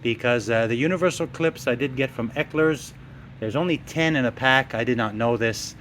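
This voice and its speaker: A man's voice: mid-range voice, normal speed, fairly bright tone, a little hiss or hum. A man restoring a classic car in his garage, talking casually to the camera with lots of fillers and a dry, sarcastic streak. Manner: easygoing, rambling, many fillers, dry sarcasm. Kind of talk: casual workshop vlog narration. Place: garage workshop.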